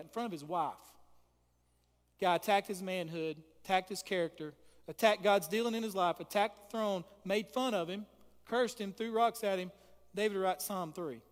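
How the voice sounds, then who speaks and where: A pastor preaches an impassioned sermon, reading scripture aloud and putting questions to the congregation. His voice is high-pitched, with a big-room sound.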